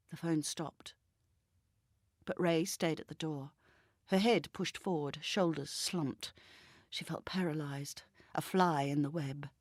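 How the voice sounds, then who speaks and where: A woman reading a novel aloud in an even, measured storytelling manner. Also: deep voice, no room sound, clean studio sound. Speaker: reader. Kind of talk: scripted narration.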